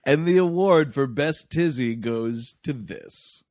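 Man joking with lively, bouncing pitch. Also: takes it slowly, soft background music. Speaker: podcast co-host. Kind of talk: casual comedic chat.

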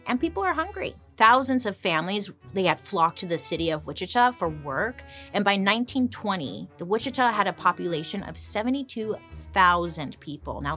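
A young adult woman hosting a storytelling podcast, chatty and playful, with jokey asides and sudden jumps up in pitch. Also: a bit bright. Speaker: podcast host.

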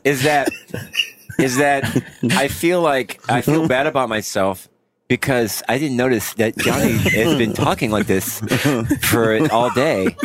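A man's voice: mid-range voice, measured pace, faint music behind. A man in his late forties hosting a casual podcast, rambling and laughing as he tells stories. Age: 40s. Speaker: podcast host, comedian.

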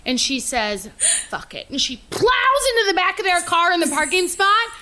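A woman's voice: very high voice, big pitch swings, moderate pace, background noise. A woman co-hosting a podcast, chatting casually with wry comebacks and easy swearing. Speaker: podcast co-host. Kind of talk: casual chat.

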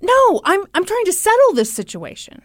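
A man's voice: extremely high pitch, sing-song, unhurried, pushed and bright, no room sound, studio quality, voice pushed up, heavily acted. A woman quoting a flustered hotel manager.

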